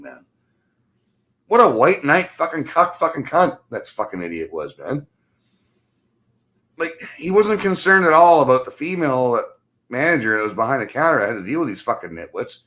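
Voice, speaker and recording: A man's voice: fairly high pitch, sing-song, normal speed, pushed and bright. A middle-aged man, ranting bluntly and angrily. He swears constantly and ends his phrases with "man". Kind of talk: profane ranting monologue.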